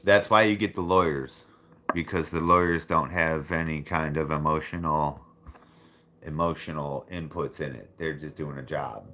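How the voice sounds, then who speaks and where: Deep-voiced man in profane casual chat. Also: normal speed, bright, forceful tone. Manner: blunt and profane, laughs often. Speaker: livestream host.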